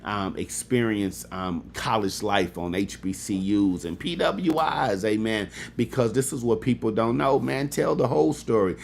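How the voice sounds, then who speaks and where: Motivational host, man in his fifties, low voice, preacher cadence with "amen" asides, faint room noise. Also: gravelly, a little mellow. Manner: peppers talk with "amen", addresses audience directly.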